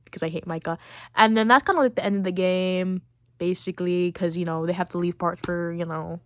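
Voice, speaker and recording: A woman's voice: lowish voice, fairly even intonation, a little fast, a little hiss or hum. A young woman hosting a podcast, rambling through a casual recap with lots of fillers and plenty of feeling. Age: late teens. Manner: rambling, heavy on fillers, emotional about the story. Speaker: podcast host.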